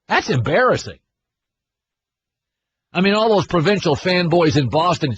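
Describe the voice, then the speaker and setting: A man's voice: sits high, big pitch swings, moderate pace, a bit bright, dull audio, slight background noise. A man hosting a sports radio show, ranting and sarcastic in disbelief. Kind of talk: opinionated sports talk.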